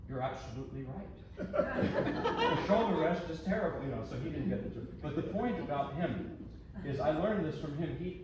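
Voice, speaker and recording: Man, mid-pitch, a chatty self-deprecating pianist talking to his audience, caught from far off in a very echoey hall with background noise. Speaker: pianist giving a recital. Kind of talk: talking to a recital audience between pieces. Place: concert hall.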